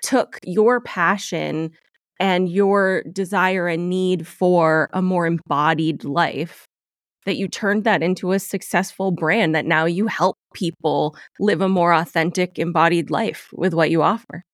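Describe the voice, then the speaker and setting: A woman's voice: on the low side, steady tone, unhurried, dry recording, studio quality. A woman co-hosting a podcast, asking long, winding questions with a playful edge. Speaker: podcast co-host. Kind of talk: casual interview chat.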